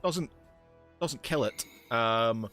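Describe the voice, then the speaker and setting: Slow, halting man as game master. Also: medium pitch, bright, forceful tone, soft background music. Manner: hesitant, many fillers and restarts. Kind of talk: narrating a tabletop game.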